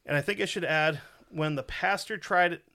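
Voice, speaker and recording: A man's voice: on the high side, moderate pace, vocal fry, sharp tone. A man hosting a casual podcast, reading out a listener's story in a crude, profane, joking way.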